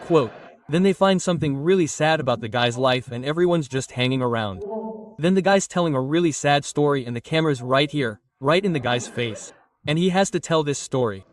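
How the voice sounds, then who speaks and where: A man doing a stand-up comedy set, telling stories with lively crowd work and swearing. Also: on the high side, moderate pace, distant mic. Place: comedy club stage.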